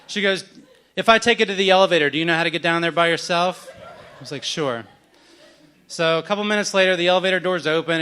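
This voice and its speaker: Bright, clear-voiced man telling a story. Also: fairly high pitch. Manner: wry, self-deprecating, acts out the other people in his story. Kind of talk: live storytelling. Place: on stage at a live event.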